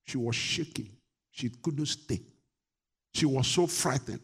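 A middle-aged man preaching a sermon, moving from quiet talk to loud rebuke. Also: medium pitch, takes it slowly, vocal fry, breathy edge. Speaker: pastor.

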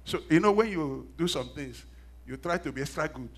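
A middle-aged man preaching a sermon, telling stories with self-mocking laughs and swinging from hushed asides to loud emphatic bursts. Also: a little high, lively intonation, fairly quick. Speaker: pastor.

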